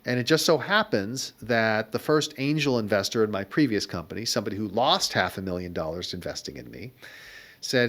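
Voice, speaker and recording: Middle-aged male guest, low voice, wry reflective storyteller, conversational interview. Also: animated, brisk, fairly bright tone. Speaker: guest entrepreneur.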